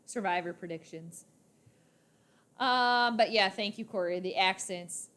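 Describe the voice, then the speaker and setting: A woman's voice: mid-range voice, measured pace, fairly bright tone. A young woman hosting a live sports reaction stream, chatting in a rambling, playful way. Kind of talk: casual live-stream chat.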